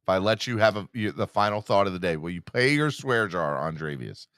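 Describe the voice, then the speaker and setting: A man hosting a live fan podcast in a casual, teasing, animated way, hyping himself up. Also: deep voice, fairly quick, no echo, studio quality. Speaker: podcast host.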